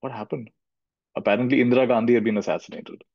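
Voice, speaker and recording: A man's voice: mid-range voice, steady tone, quick pace, vocal fry, no room sound. A middle-aged man from India, giving a thoughtful spiritual talk as a teacher and repeating phrases for emphasis. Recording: dull lo-fi recording.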